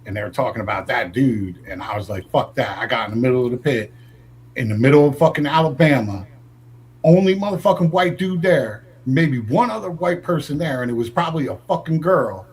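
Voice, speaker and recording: A man's voice: medium pitch, animated, fairly quick, husky. A man from the northern United States telling profane stories in a brash, swaggering way, acting out quotes in a raised voice. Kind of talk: profane storytelling.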